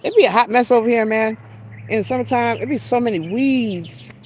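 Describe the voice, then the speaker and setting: A woman's voice: a little high, fairly quick. Woman host, casual and chatty, talking to live viewers outdoors on a phone mic, faint noise behind. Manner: chatty, greets viewers by name, self-deprecating. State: out of breath while walking. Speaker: garden channel host. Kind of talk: casual live-stream garden tour. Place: outdoor backyard garden.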